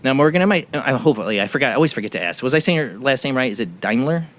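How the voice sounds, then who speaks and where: A man's voice: medium pitch, lively intonation, racing, a bit bright, a little hiss or hum. A man hosting a talk show, telling a personal story in a rambling way with many restarts. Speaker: radio show host. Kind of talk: casual radio talk show chat.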